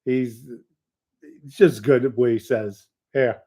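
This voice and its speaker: A man's voice: mid-range voice, fairly even intonation, slow pace, warm tone, slightly rough. A man giving confrontational, casual commentary, blunt and profane as he calls someone out and then reacts to clips.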